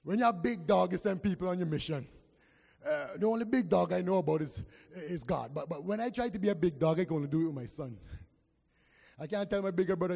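A man preaching a sermon with impassioned, drawn-out delivery and call-and-response with the congregation. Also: high-pitched, expressive, vocal fry, slightly rough. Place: church. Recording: long reverb of a church hall.

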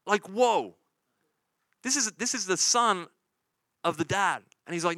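At a moderate pace, a pastor with a high, bright, forceful voice and lively intonation preaches conversationally, with no echo. He leans on "right?" and "you see" and repeats key lines for emphasis.

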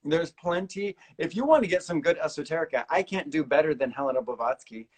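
A male podcast host with a slightly raised voice talks in an earnest, rambling way. He is casual and animated and breaks into quick impressions of other people. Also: husky. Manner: animated, imitates others with big pitch jumps. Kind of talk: casual conversational interview.

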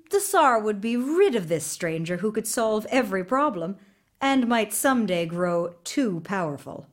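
A woman reading a fairy tale aloud with slow, expressive narration. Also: medium pitch. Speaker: storyteller. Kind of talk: storybook read-aloud.

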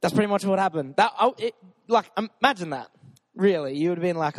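High-voiced young man preaching. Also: lively intonation, fast talker. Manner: casual, joking, urging the crowd with "come on". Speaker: pastor. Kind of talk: sermon. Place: church gathering.

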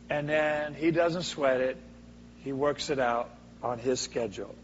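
A man preaching a sermon as a guest speaker, swinging from booming to hushed for dramatic effect. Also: fairly even intonation, moderate pace, slight background noise. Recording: echoey hall, dull lo-fi sound.

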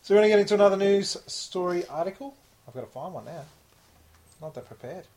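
A man's voice: sits high, expressive, quick pace, music in the background. A man reads odd news stories aloud on a casual podcast. He keeps breaking into laughter and joking asides between the lines. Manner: jokey, laughs often while reading.

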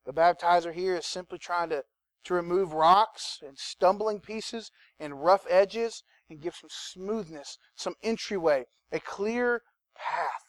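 A man preaches with animated, conversational energy and talks straight to his listeners. His voice sits fairly high for a man. The sound is close and dry, with little room echo. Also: unhurried. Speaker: pastor. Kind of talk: sermon.

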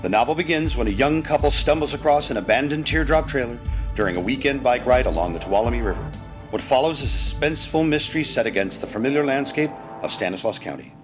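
A man's voice: medium pitch, lively intonation, fast. A man announcing an audiobook introduction. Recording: voice over music bed.

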